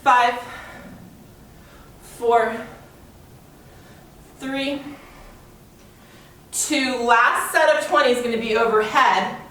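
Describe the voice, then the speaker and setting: A woman's voice: on the high side, fairly bright tone. A woman teaching a yoga workout, counting reps and cueing moves while exercising and out of breath. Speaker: yoga and fitness instructor. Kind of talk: guided workout instruction. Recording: very echoey room, voice from a distance.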